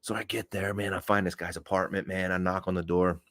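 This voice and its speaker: A man in his forties hosting a podcast, telling a story in a casual, animated way with laughs and swearing. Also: deep voice, brisk, no room sound, studio quality. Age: 40s. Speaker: podcast host.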